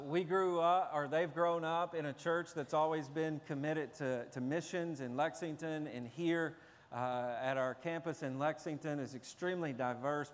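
A man from Tennessee, a pastor, preaching a sermon that moves from family stories to emphatic preaching. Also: on the high side. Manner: storytelling, builds to emphatic preaching. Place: large church sanctuary. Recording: long hall reverb.

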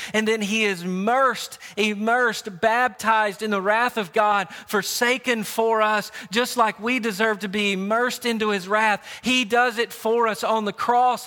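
A man's voice: high voice, bright, forceful tone. A male pastor preaching an impassioned sermon, pressing rhetorical questions on his listeners. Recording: long church reverb.

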